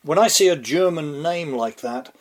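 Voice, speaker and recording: Older man, English accent, somewhat high voice, sardonic scripted commentary. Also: expressive, normal speed. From England. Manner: sardonic, mocking. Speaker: political commentator.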